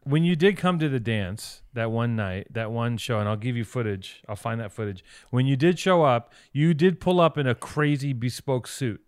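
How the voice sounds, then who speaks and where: A man's voice: medium pitch, moderate pace, hardly any pauses, smooth, dry recording, clean studio sound. A man co-hosting a podcast in casual chat, teasing and lecturing with profane jokes. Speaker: podcast co-host.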